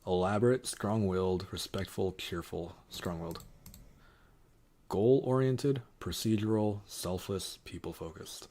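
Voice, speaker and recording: Man, husky voice, unhurried, offhand sarcastic muttering, casual streamer. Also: low-pitched, mellow. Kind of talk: casual streaming chat, reading quiz options aloud.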